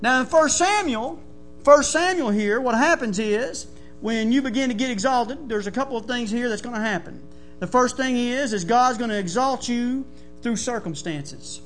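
Man, high-pitched, sermon, folksy and rising to shouts. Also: moderate pace, faint music behind. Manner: folksy preaching that builds to shouting. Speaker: pastor.

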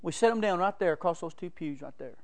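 High-voiced preacher, folksy and animated. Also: male voice, fast talker. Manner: folksy, animated, laughs between stories. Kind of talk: sermon with storytelling.

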